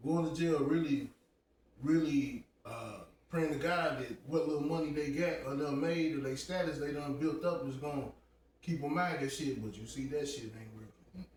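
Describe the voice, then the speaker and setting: A man's voice: a little high, moderate pace, a little mellow. Plain-spoken man far from the mic. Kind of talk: casual chat. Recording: echoey room, distant mic, faint noise.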